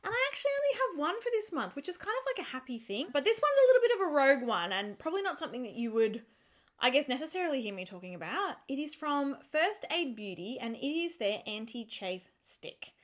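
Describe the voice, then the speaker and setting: Woman, beauty vlogger, casual product review, chatty, emphatic, slightly high-pitched. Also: fast. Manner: chatty and animated, with emphatic repetition.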